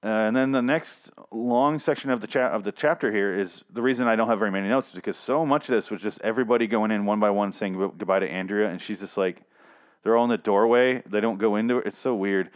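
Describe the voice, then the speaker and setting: A man's voice: lowish voice, quick pace. A man giving a casual, rambling recap of a comic, sarcastic and foul-mouthed, often restarting his sentences. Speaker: comic book recap vlogger.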